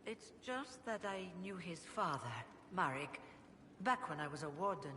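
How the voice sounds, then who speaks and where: Brief: older woman mage, former rebel leader, measured and regretful, lowish voice, roomy reverb, game ambience underneath. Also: lively intonation, pushed and bright, slight background noise. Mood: probing. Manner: measured, wistful, reflective. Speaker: game character.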